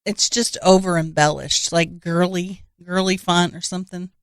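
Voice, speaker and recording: A woman's voice: on the low side, fairly even intonation, normal speed, smooth, no echo. A woman co-hosting a comedy podcast, chatting casually with dry, offhand quips. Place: home room podcast setup.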